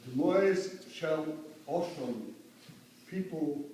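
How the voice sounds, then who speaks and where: Eulogist, male, fairly high voice, earnest and fervent, recorded far off in a very echoey hall with faint hum. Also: lively intonation, very slow. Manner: earnest, mixes Yiddish and Hebrew phrases, rises to fervent emphasis. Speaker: eulogist at a funeral. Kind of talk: funeral eulogy. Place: funeral hall.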